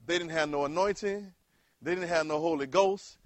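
A man preaches a sermon, calling on the congregation to repeat after him. His voice sits a little high, and it swells to loud exhortation. The sound is close and dry, with no room echo. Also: moderate pace. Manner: call-and-response preaching, rising to loud exhortation.

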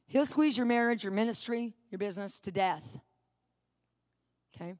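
A middle-aged woman preaching and telling a lively personal story, acting out the people in it. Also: medium pitch, moderate pace, dry recording, clean studio sound. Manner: animated storytelling, acting out quotes.

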